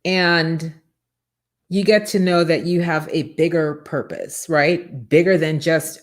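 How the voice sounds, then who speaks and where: A woman with a notably low voice gives a faith-based motivational talk as a morning show host. She speaks with fervor and a preachy drive, piling up rhetorical questions and repeated words. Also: steady tone, takes it slowly.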